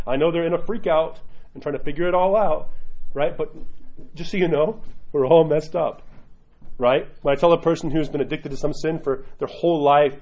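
Husky-voiced man, a priest talking informally. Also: a little high, darkish tone, muffled recording. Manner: conversational, repeats "right?" often. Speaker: Orthodox priest. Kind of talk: informal teaching talk.

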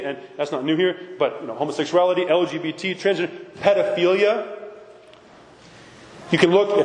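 A middle-aged man giving an impassioned talk to a parish gathering, emphatic and insistent, often checking with the audience. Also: on the high side. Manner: emphatic, keeps asking "right?" and insisting he is serious. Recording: echoey hall with long reverb.

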